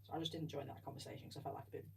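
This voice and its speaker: Woman host, casual build-along chatter, rambling and self-deprecating, lowish voice picked up from across the table. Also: steady tone, rapid-fire, vocal fry. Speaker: livestream host building Lego. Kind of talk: casual chat while building. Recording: distant mic with faint background noise.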